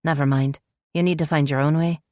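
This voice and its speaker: A woman's voice: low voice, fairly even intonation, fairly quick, a little mellow, dry recording, close to an everyday voice. A woman narrator puts on an outspoken young elf princess, insistent and pleading. Her voice lifts above the narration, dry and close in an audiobook read.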